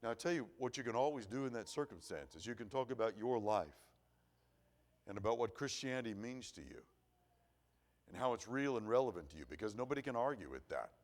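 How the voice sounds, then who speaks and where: A middle-aged man preaching in a church at an evening service. He tells a long personal story in an earnest, folksy way, often repeating words as he goes. His pitch sits in an ordinary middle range for a man. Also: lively intonation, brisk. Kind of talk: sermon. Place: church auditorium.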